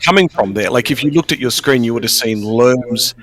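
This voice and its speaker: An Australian man chatting with teammates over voice chat during a game stream, animated and teasing. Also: mid-range voice, brisk. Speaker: streamer playing a mech game. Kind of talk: casual gaming voice chat.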